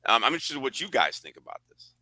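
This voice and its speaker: A man's voice: medium pitch, sing-song, rapid-fire, pushed and bright, no room sound, poor audio. A man speaking animatedly in a political discussion, laying out a theory with wry asides.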